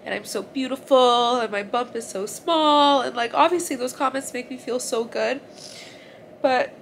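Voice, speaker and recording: A woman's voice: on the high side, a bit bright, a little hiss or hum. A young woman vlogging from a hospital room after giving birth, tearful and in pain, rambling with many "like"s. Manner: tearful, rambling, says "like" often. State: crying, in pain after surgery. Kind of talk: emotional personal vlog.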